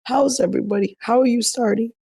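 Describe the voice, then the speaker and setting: A hoarse woman who is losing her voice, chatting bluntly and teasingly in an online audio room. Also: on the high side, fast talker, dark tone. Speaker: community member on a live audio room. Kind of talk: casual chat.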